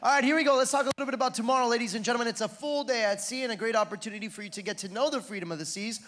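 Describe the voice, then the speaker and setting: A man's voice: very high-pitched, racing, a bit bright. A man working as a cruise director, announcing upcoming events from the stage in an upbeat presenter's manner. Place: cruise ship theater.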